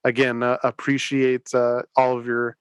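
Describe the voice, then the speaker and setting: A young man hosting a sports podcast, talking in a loose, rambling way full of "like" and restarts. His voice sits at an ordinary pitch, and the recording is dry and close with no room sound. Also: monotone, normal speed, clean tone, no room sound. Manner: rambling, many fillers and restarts. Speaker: podcast host. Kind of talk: casual chat.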